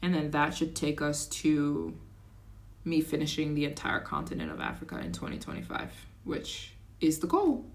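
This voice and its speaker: Woman, travel livestreamer, casual rambling chat, a bit low-pitched, thanks donors. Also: sing-song, moderate pace, gravelly. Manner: chatty, reads donations aloud, rambling asides; slips into a put-on accent at times.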